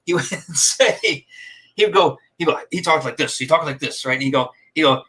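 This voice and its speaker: A middle-aged man chatting casually as a podcast co-host, an animated storyteller who jumps into high voices when he quotes people. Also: fairly quick. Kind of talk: casual chat.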